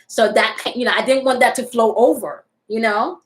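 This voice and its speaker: A woman's voice: fairly high pitch, steady tone, moderate pace, low-quality recording. A woman in her forties hosting a casual spiritual live stream, speaking frankly and playfully to her viewers and laughing often. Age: 40s. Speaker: spiritual host reading live chat.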